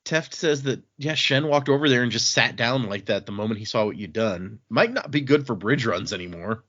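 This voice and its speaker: Recounting moments from a novel and acting out the characters' speech, a man hosts a casual podcast about books. His mid-range voice is animated and fairly bright, and he talks fairly quickly, though the lo-fi recording comes across dull.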